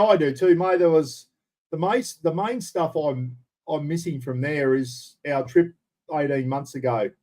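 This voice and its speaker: A man's voice: on the high side, darkish tone. An Australian man hosting a casual livestream from a room at home, chatting easily and greeting viewers by name. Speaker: livestream host. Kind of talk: casual live chat reading out viewer names.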